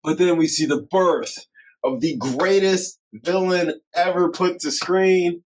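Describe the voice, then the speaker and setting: A man's voice: high-pitched, slow pace, rough recording. A man co-hosting a podcast, reviewing a film in casual chat, swearing a lot, laughing often and acting out characters. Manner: profane, animated, laughs often, acts out characters. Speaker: podcast co-host.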